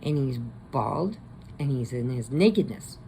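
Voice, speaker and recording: A woman who hosts a crochet channel, casually retelling a horror movie in a rambling way and slipping into quick voices. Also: very deep voice, very animated, creaky, warm tone, a little hiss or hum, rough recording.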